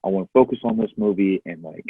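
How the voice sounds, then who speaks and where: Husky man on a tinny line. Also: sits low, fast, dry recording. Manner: easygoing, nostalgic, filler-heavy. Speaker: podcast co-host. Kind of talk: casual movie chat.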